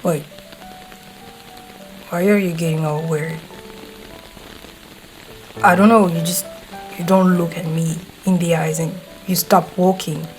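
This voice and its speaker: Woman voicing a gruff tsundere teenage boy, audio role-play, swearing and blustering, low voice, very slow delivery. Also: steady tone, a little mellow, soft background music, rough recording. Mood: flustered. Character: gruff hot-tempered teenage boy classmate. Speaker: voice actor.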